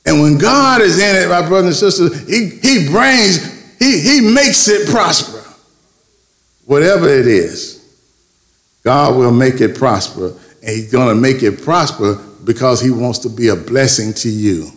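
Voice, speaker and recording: A man's voice: mid-range voice, animated, a little slow, a bit bright, reverberant. A man preaching a sermon as pastor, calling for responses and stretching key words for emphasis. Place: church sanctuary.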